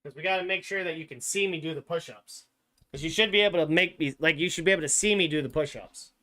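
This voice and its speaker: Sports podcast host, male, higher voice, loose filler-heavy chat with blunt takes. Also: quick pace, bright, forceful tone. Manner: rambling, filler-heavy talk with frequent "like" and "literally"; blunt, joking opinions.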